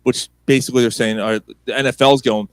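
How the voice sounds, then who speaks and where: Animated man in casual sports banter. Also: mid-range voice, fast, smooth, dry recording. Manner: animated, laughs often, drops into impressions. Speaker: podcast co-host.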